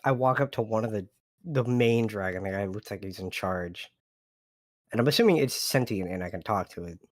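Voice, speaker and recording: Lowish voiced dude in a tabletop game, blunt, swears a lot, dry mic. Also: male voice, fairly quick, no echo. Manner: blunt, crude, swears freely. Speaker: player. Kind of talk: tabletop role-play.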